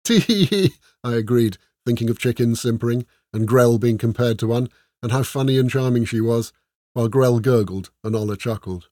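A man narrating a comic fantasy story aloud in a wry, measured way. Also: mid-range voice, steady tone, dark tone, dry recording, studio quality.

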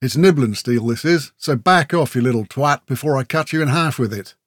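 A man's voice: mid-range voice, fairly quick, no room sound, studio quality, lightly acted. A man voicing a big, brash young warrior who snarls and swears. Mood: hostile.

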